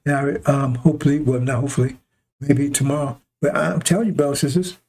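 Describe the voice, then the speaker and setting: A man's voice: medium pitch, steady tone, fast, darkish tone, slight background noise. A man preaching an emphatic, rambling sermon to his listeners, with a conversational delivery and frequent chuckling asides. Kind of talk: impassioned street-style sermon.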